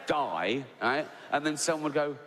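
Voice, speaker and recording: A man's voice: fairly high pitch, moderate pace, heavy background noise. A man doing stand-up comedy, telling a long story and mocking people with put-on voices. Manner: animated, mocking voices in quoted lines. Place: large theatre stage. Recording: live theatre with long reverb and loud crowd ambience.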